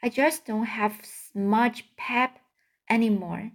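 Charlotte, a weak, gentle spider, read by a woman. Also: fairly high pitch, takes it slowly. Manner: soft, weak and quiet. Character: gentle dying female barn spider, wise and tired.

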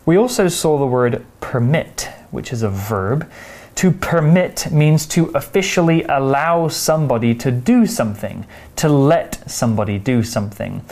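A man teaching English vocabulary, explaining words slowly and carefully with example sentences. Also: mid-range voice, expressive, a little mellow. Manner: slow, careful, clear explanations.

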